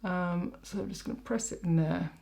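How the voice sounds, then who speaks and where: A woman's voice: fairly low pitch, moderate pace, vocal fry, mellow. A woman, a makeup artist giving a chatty, rambling tutorial and joking at herself as she works. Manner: rambling, self-mocking, talks while working.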